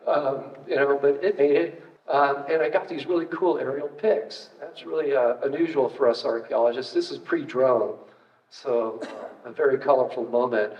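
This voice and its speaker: A man's voice: medium pitch, normal speed, a little mellow. An older man, a retired archaeologist, giving a casual, anecdotal public talk with slides, full of fillers and wry asides. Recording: distant, roomy, dull hall recording.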